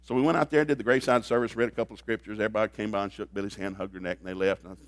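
A man preaching a sermon, telling stories in an animated way and laughing at them. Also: on the low side, rapid-fire, hardly any pauses, no room sound. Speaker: pastor. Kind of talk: storytelling sermon.

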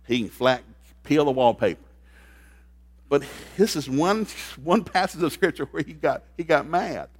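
A man preaching a sermon in a folksy, joking way, dropping into low asides and then rising into loud outbursts. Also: expressive, moderate pace, husky. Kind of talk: comedic sermon. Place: church service.

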